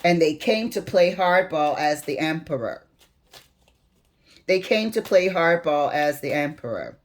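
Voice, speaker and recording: A woman's voice: low voice, expressive, unhurried. A woman reading tarot cards, speaking emphatically to spirit as she draws them and building into heated stresses. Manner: emphatic, swings into heated outbursts; addresses spirit while drawing cards. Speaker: tarot reader.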